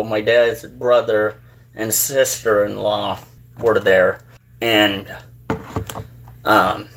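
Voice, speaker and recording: A man's voice: mid-range voice, fairly bright tone. Earnest man telling a story. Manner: halting, rambling, earnest. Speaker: show host. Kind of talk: personal storytelling monologue.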